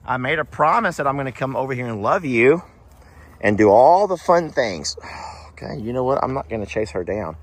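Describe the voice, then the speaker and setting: A man's voice: mid-range voice, very animated, fairly quick. Playful, chatty male vlog host. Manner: playful, chatty, self-teasing. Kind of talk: casual vlog chat.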